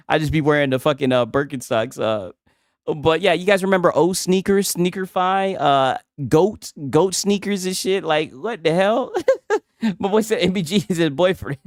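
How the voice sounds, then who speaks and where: A man's voice: a little high, moderate pace, dry recording. Guy streaming a reaction, cracking up and roasting the clip, swearing a lot, dead dry mic. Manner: mocking, laughs often, reads chat aloud. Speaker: streamer reacting to another creator's video. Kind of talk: casual profane reaction commentary.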